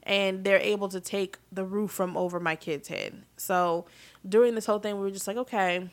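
A woman in her thirties casually telling a personal story, getting animated and loud at emotional moments. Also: mid-range voice, moderate pace. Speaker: vlogger telling a family story.

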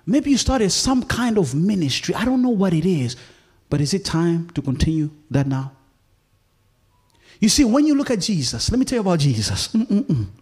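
A man's voice: high voice, big pitch swings, moderate pace, a little mellow, slightly rough. A male preacher giving a sermon, pleading with the congregation and often checking in with them. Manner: impassioned, pleading, often asks "you feel me?".

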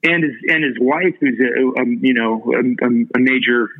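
A man's voice: mid-range voice, moderate pace, gravelly. A man telling a story as a podcast guest, rambling with lots of fillers and swearing freely. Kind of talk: casual storytelling. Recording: tinny phone-line audio.

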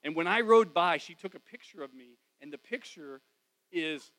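Bright-voiced pastor telling a story. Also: male voice, a little high, expressive, moderate pace, poor audio. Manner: conversational, wide swings from loud to hushed. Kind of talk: storytelling sermon. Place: church.

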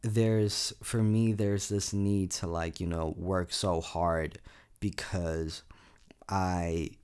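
A man's voice: low-pitched, steady tone, slow, darkish tone, smooth. An eighteen-year-old man from South Africa hosting a casual solo podcast, rambling with lots of "like" fillers and casual swearing. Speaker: podcast host.

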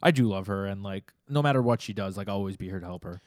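A man co-hosting a podcast in casual chat, from New York, relaxed and joking, often trailing off mid-sentence. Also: sits low, fast talker, no room sound, studio quality. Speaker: podcast co-host.

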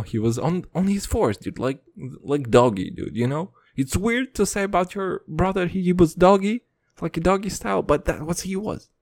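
A male vlogger with a medium-pitched voice rambles through profane stories in a casual late-night monologue, recorded with no room sound. He is animated and laughs now and then between lines.

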